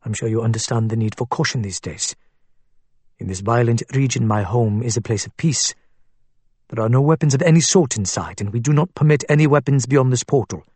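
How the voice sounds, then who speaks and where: A man's voice: medium pitch, darkish tone, no room sound, lightly acted. Man voicing a suave, courteous doctor. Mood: polite. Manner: courteous, measured, smooth. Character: suave male doctor, polite and controlling.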